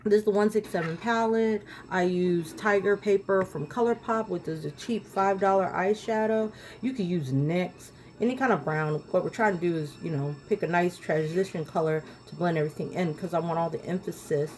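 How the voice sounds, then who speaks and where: A woman's voice: on the low side, normal speed, a little mellow. A woman chatting to her viewers while doing a makeup tutorial, ranting casually about lashes and palettes. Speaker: beauty vlogger.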